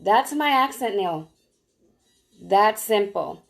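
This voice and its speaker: A woman's voice: medium pitch, expressive, takes it slowly, vocal fry, faint music behind. Chatty woman demoing nail strips live. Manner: chatty, walks viewers through each step; greets viewers by name while demonstrating. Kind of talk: live-stream product demo.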